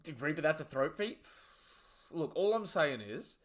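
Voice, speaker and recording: A young man delivers casual live reaction commentary at a moderate pace, excitable and full of slang, swearing freely and drifting off into quiet asides.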